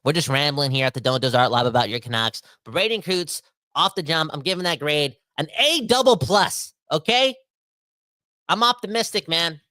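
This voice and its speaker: Fired-up, bright-voiced young man ranting. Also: normal speed, dry recording. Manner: animated, swings between fired-up outbursts and low asides; rambling with frequent restarts and self-corrections. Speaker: podcast host. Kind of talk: casual ranting podcast talk.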